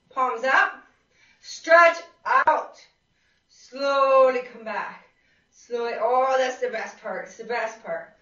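High, bright-voiced woman fitness instructor. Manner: upbeat, encouraging, calls out counts with cheers. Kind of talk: leading a live seated exercise class. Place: exercise room with a class present. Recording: echoey room, far from a dull lo-fi mic.

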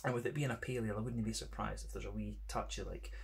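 A man's voice: lowish voice, steady tone, racing, creaky. A man with a Scottish accent reviewing beer in a casual, rambling monologue, full of "kind of" and "sort of" fillers.

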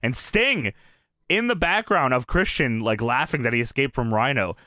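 A man co-hosting a podcast, excitedly recapping a wrestling show in casual chat, laughing often and swearing freely. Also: mid-range voice, moderate pace, dry recording, studio quality. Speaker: podcast co-host.

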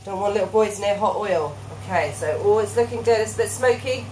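A woman's voice: medium pitch, brisk, dark tone. Woman, thirties, chatty cooking vlog, coaxing a child, phone mic, noisy kitchen. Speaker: parent teaching a recipe. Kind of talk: casual cooking demonstration. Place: home kitchen. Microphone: phone camera held by hand. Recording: noisy home kitchen recording.

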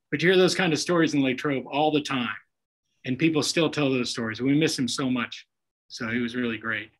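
A man's voice: mid-range voice, a little fast, rough recording. A man on a video call telling folksy stories, acting out the people in them. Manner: folksy anecdotes with acted-out quotes. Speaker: guest author telling stories.

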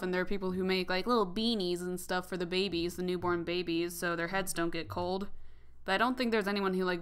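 A woman's voice: fairly low pitch, fairly bright tone, clean tone. Chatty young woman doing let's-play commentary. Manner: chatty, rambling, giggly asides. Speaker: gaming channel host.

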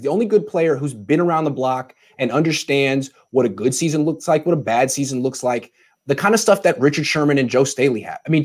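A man's voice: on the high side, slightly rough. A man hosting a sports podcast panel, handing out turns and giving his own easygoing take. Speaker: podcast host. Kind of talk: sports talk show.

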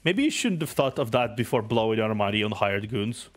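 A man voicing a cool, blunt teenage girl who speaks in a dry, deadpan way. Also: on the low side, fairly quick, faint music behind, voice pushed down, natural voice.

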